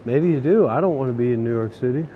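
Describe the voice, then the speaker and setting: A man's voice: mid-range voice, quick pace, phone-quality sound, a little hiss or hum. Man ranting and swearing outdoors. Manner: frustrated, swearing, grumbling. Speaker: vlogger. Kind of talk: profane ranting vlog. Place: outdoor city streets.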